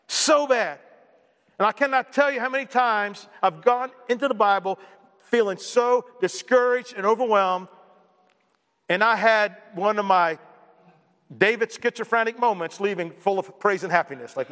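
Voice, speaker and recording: A pastor preaching a sermon with energy, repeating lines and joking along the way. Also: male voice, high voice, a bit bright. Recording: long hall reverb.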